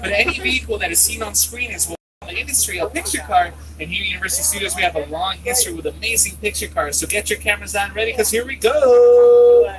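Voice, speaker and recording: A man leading a theme park tram tour, joking and getting excited as he narrates. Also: high-pitched, fast talker, hardly any pauses, far from the mic, crowd noise, poor audio. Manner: playful, jokey, excitable.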